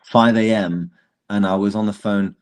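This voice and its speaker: Low-voiced man in candid, casual chat. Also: moderate pace. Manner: relaxed, candid chat with swearing. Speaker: podcast guest. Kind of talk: casual conversation.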